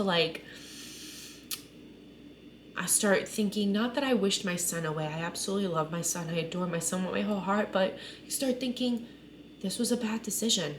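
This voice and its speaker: Speaking to camera in a personal vlog, this woman in her thirties tells her story as a mother, conversational and emotional, often tossing in "like" and "right?". Her mid-range voice comes with a little hiss or hum on the recording.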